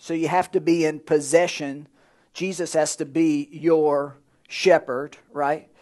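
High-voiced preaching man, loud to hushed. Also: flat delivery, slow. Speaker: pastor. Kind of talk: sermon. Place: church.

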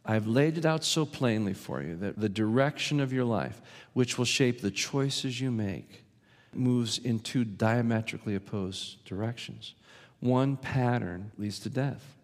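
Brief: male pastor, mid-pitched voice, emphatic sermon delivery, long hall reverb. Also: unhurried. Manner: earnest, emphatic preaching with rising stress on key words.

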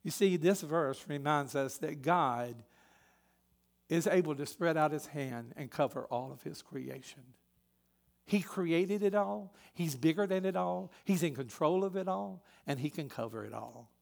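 A pastor preaching a sermon, a man who is emphatic and swings between loud and soft. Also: on the high side, animated, measured pace, creaky.

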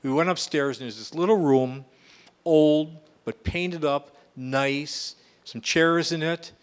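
A man's voice: on the high side, slow, clean tone. A man preaching a sermon in an earnest, emphatic way, often restarting and repeating phrases as he goes.

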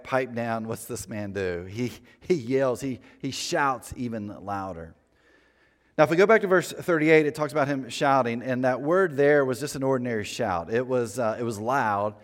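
Male pastor, mid-range voice, relaxed self-mocking sermon delivery, echoing sanctuary. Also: medium pitch. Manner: conversational, self-deprecating preaching. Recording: long hall reverb.

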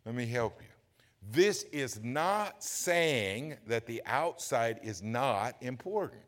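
An older man, preaching a sermon in a folksy, animated, humorous way. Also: medium pitch, takes it slowly. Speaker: pastor. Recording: long hall reverb.

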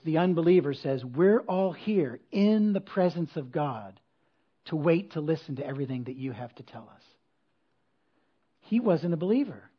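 Husky man preaching a lively sermon. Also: fairly high pitch, dull audio. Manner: conversational preaching with quick asides and rhetorical questions. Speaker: pastor. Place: church stage before a congregation.

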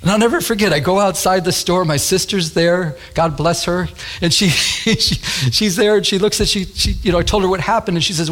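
A man preaching a sermon, telling a lively childhood story with acted-out voices before turning to scripture in emphatic, repeated phrases. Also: high voice, brisk. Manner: animated storytelling, acts out voices.

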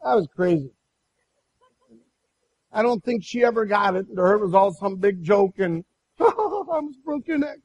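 A male pastor delivers a sermon, telling a personal story in an animated way. His voice sits high and carries a husky edge. He often restarts his phrases as he goes. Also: moderate pace, long pauses, highs cut off.

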